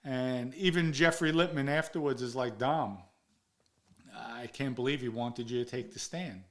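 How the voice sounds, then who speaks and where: A man recounting a personal story in an interview, blunt and full of swearing. He acts out the heated exchanges and turns low and subdued when the memories get emotional. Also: measured pace, fairly bright tone. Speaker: interview guest recounting his past.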